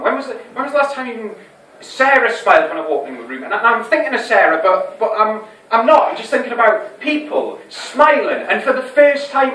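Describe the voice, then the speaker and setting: A man's voice: extremely high pitch, a bit bright. An actor playing an anxious, lovesick young man, rambling and hesitant, with many restarts, in a stage monologue. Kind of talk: theatre monologue. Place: small fringe theatre venue. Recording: echoey room, distant mic, faint hiss.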